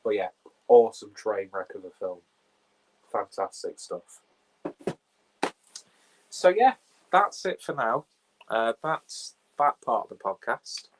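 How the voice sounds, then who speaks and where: A man's voice: lowish voice, big pitch swings, takes it slowly, pauses often, low-quality recording. A man hosting a casual film podcast, rambling and offhand with crude jokes, recorded on a phone camera. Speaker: podcast host.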